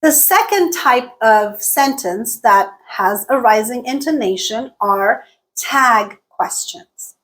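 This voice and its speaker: A woman teaching a lesson, speaking clearly and deliberately and exaggerating pitch in her example sentences. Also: expressive, fairly bright tone. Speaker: English teacher. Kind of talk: explanatory lesson with spoken examples.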